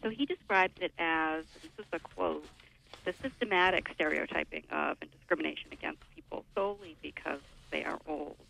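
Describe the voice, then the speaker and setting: A woman's voice: sits low, a little fast, creaky, sharp tone. An older woman, a radio show guest, explaining at length in a thoughtful, lecturing way. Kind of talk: radio interview. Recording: phone line, lo-fi.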